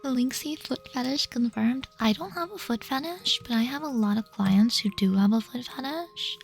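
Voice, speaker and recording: A woman streaming ASMR, speaking very close to the mic, whispering soft and doting reassurance and reading chat questions aloud. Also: a little high, lively intonation, moderate pace, creaky.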